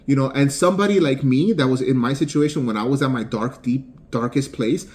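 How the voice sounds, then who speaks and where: A man's voice: mid-range voice, a little fast, a little mellow. A man with an ordinary, mid-range voice talks through a motivational lesson in an unscripted, conversational way. He rambles, repeats words and leans on fillers as he thinks aloud about his work as a writer and game maker. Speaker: author and game developer. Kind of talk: casual motivational monologue.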